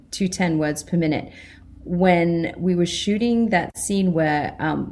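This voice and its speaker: A young British woman, an actor, chatting in an interview, excitable and self-deprecating, often laughing. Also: fairly low pitch. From Britain. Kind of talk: interview chat.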